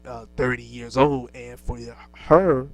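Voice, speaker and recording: A man's voice: mid-range voice, steady tone, measured pace, gravelly, soft background music, poor audio. A man lecturing in a preachy monologue, asking rhetorical questions and answering them himself, with many fillers and restarts. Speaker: speaker lecturing young black men.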